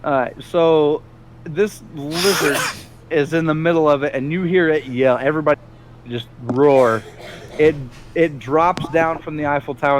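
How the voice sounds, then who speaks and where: A man runs a tabletop game as its narrator, his voice sitting a bit high and easygoing. He pauses on fillers as he describes the scene. A faint hiss runs underneath. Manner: relaxed, chuckling narration with fillers. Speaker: game master.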